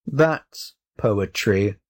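A man's voice: lowish voice, expressive, very slow. A man voicing a sly, smug talking cat. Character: sly, smug male cat in a boy's body.

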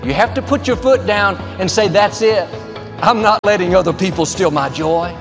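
A man's voice: high-pitched, moderate pace, big-room sound, music in the background. A man preaching an upbeat, emphatic sermon as a pastor in a large church auditorium. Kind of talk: televised sermon.

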